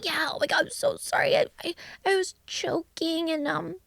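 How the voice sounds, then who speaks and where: A woman's voice: very high-pitched, lively intonation, slow, creaky, a bit bright, no room sound, clean studio sound, pitched above the performer's own voice, heavily acted. A woman voicing a flustered older woman who pretends to choke and apologizes breathlessly. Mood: fake choking. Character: flustered older woman faking a choking fit.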